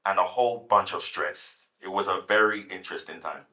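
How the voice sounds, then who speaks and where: A man in his thirties, a guest at a fireside chat, telling lively anecdotes to a live audience and repeating words as he goes. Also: low-pitched, a little fast, few pauses, poor audio.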